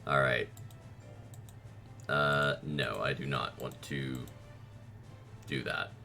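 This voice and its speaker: A man with a very low, bright-edged voice talks through a game as he plays, relaxed and wry, tossing out little reactions between fights. Soft music runs underneath. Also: gravelly. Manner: casual, self-deprecating, reacts with quick quips. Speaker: gaming video creator. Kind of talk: let's play commentary.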